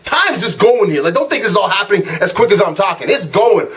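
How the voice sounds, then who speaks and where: A young man ranting casually to camera as a vlog host, telling a story in an animated way and acting out what people said, with frequent fillers and restarts. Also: high voice, fast.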